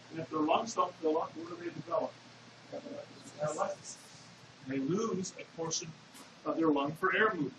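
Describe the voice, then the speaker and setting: A man's voice: fairly high pitch, a bit bright, slight background noise. A man giving a classroom lecture, explaining step by step and putting questions to the class. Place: lecture hall. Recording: echoey lecture hall.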